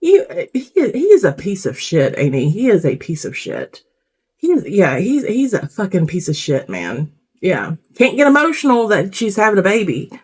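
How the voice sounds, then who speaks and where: A woman's voice: on the low side, big pitch swings, moderate pace, darkish tone, slightly rough. A woman giving casual reaction commentary on a reality show, blunt and rambling, swearing freely.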